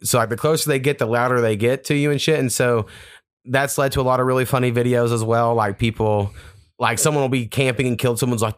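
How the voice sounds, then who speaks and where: A man's voice: medium pitch, smooth, no echo, studio quality. Profane rambling man on a podcast. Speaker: podcast host. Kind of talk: casual chat.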